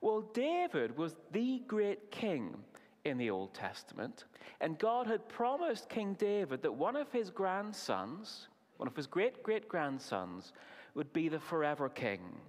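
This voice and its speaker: A man preaching at a family service, asking the children questions and praising their answers in an animated way. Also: a little high, measured pace. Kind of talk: children's talk in a sermon. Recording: long reverb of a large hall.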